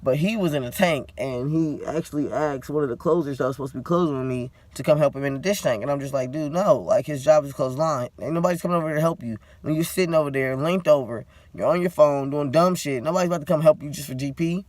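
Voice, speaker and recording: Man vlogger, fairly high voice, dry close sound, blunt and profane, worn out. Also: fast, hardly any pauses, darkish tone, dry recording. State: tired. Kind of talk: casual unscripted vlog rant.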